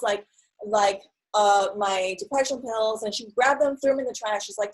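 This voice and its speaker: Animated young woman telling a story. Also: fairly high pitch, a little fast, low-quality recording. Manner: animated storyteller, acts out quotes. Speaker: guest. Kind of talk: casual conversation.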